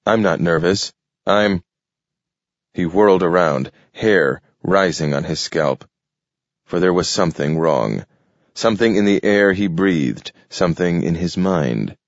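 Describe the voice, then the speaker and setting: A man narrating a story with measured, steady delivery. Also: deep voice, no echo. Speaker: audiobook narrator. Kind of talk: scripted narration. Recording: dull lo-fi dry recording.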